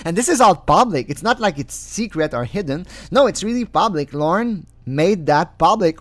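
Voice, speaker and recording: A man's voice: high voice, animated, moderate pace, hardly any pauses, no room sound, clean studio sound. A man who is not a native English speaker, giving casual, sarcastic commentary, often breaking into mocking laughter.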